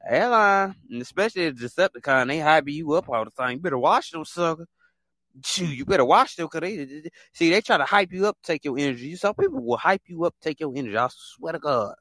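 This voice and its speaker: A man hosting a casual monologue, talking in an animated, repetitive way and acting out other people in quick put-on voices. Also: a little high, no echo. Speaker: podcast host.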